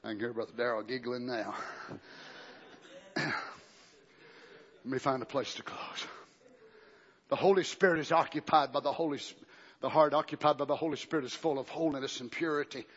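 Fervent shouting preacher, bright husky voice. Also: male voice, mid-range voice, moderate pace, pauses often. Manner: fervent, swinging from shouting to hushed. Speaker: pastor. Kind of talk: sermon. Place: church. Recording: dull recording with long hall reverb.

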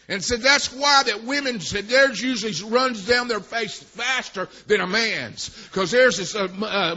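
A man preaching a sermon, dropping "amen" between phrases and swinging from quiet talk to shouting. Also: sits high, lo-fi sound.

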